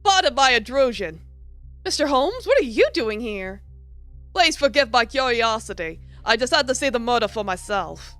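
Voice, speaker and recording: A woman's voice: fairly high pitch, big pitch swings, normal speed, a bit bright, no echo, soft background music. A woman voicing a polished older male criminology professor with a put-on mock British accent, formal and long-winded, as she reads a visual novel aloud. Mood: courteous.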